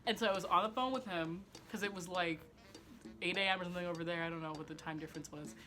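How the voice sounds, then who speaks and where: Bright-voiced young woman telling a story. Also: on the low side, quick pace. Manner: chatty and profane, heavy use of "like"; self-mocking, laughing at herself. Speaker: vlogger. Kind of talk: casual storytime.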